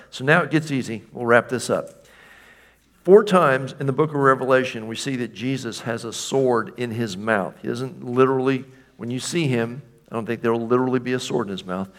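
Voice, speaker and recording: A man delivering a sermon in an easy, talky way, his voice sitting in a middle pitch. He keeps checking in with his listeners and now and then slips into mocking voices for quoted lines. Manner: conversational, checks in with "right?"; mimics a taunting voice for quoted questions. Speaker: pastor.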